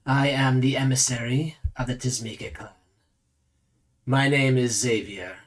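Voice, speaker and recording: A man doing a slow, hushed vampire emissary. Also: medium pitch, steady tone, close to an everyday voice. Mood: cool. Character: cold, vain male vampire emissary.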